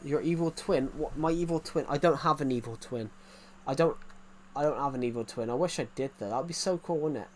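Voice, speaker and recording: A man's voice: on the high side, brisk, a little mellow, a little hiss or hum. A man casually chatting while streaming a game, rambling and reacting to viewers' comments. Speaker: gaming streamer.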